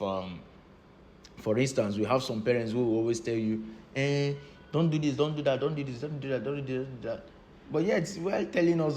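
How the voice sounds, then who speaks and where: A man's voice: mid-range voice, darkish tone, slight background noise. Nigerian-accented male trainer quizzing his class. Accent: Nigerian English. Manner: asks rhetorical questions and answers them himself. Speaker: business trainer. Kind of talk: teaching a class.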